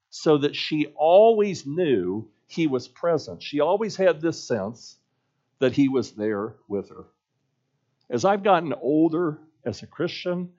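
A man's voice: medium pitch, a little mellow, dull audio. A man preaching a sermon as a pastor, telling a story in an earnest voice and building points through repetition.

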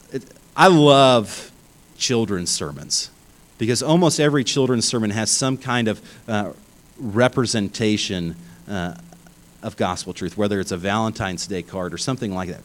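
A man preaching a sermon, emphatic and animated, often restarting his phrases. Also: on the low side, rough recording. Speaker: pastor.

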